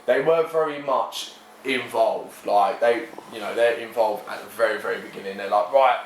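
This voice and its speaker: A lively man, appearing as a podcast guest, tells stories in a casual chat and acts out the voices in his anecdotes. His voice is lowish and his pace normal, heard in an echoey room with a little hiss or hum.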